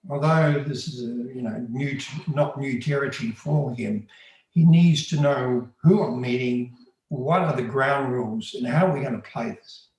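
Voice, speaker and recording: A man's voice: medium pitch, normal speed, a little mellow. A man telling a first-person story in an earnest, plain-spoken, conversational way. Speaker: storyteller recounting undercover work. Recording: very echoey room.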